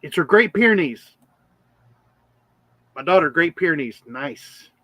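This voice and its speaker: A man's voice: a little high, animated, unhurried, no echo, highs cut off. A man hosting a casual livestream chat, rambling with lots of fillers. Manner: rambling, chatty with frequent fillers. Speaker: channel host.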